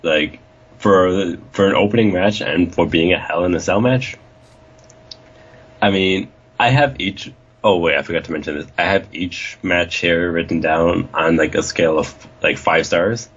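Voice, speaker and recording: A man's voice: sits low, unhurried, fairly bright tone, slightly rough. A young man co-hosting a casual wrestling review podcast, rambling and joking with plenty of swearing. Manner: rambling, jokey, profane. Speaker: podcast co-host. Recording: dull lo-fi recording.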